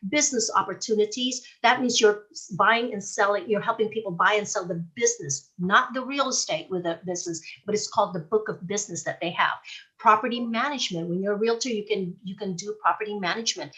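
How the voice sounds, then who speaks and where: A woman's voice: mid-range voice, fairly bright tone. Chatty woman real estate trainer. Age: middle-aged. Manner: conversational, folksy, tells anecdotes. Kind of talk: live training class.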